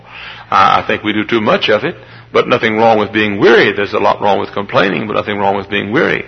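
A man preaching a sermon to a congregation, building from plain talk up to high, emotional cries. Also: animated, brisk, creaky, dull audio. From Midwestern United States. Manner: emotional, rises to high pitched shouts. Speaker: traveling preacher.

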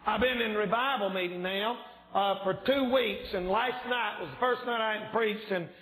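Male revival preacher, shouting fervent delivery, slightly strained voice, echoey church room. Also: high voice, moderate pace. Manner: yells and shouts when preaching. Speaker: evangelist preacher. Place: church sanctuary.

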